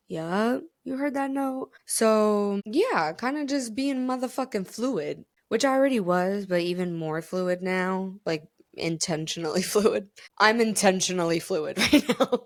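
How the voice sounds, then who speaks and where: A woman hosts her own podcast in a loose, chatty way, with a voice that sits in a middle pitch. She tells rambling stories, swears freely, and laughs often as she talks. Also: lively intonation, unhurried, hardly any pauses. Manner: candid, profane, rambling storytelling with frequent laughter. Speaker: podcast host. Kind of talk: casual chat.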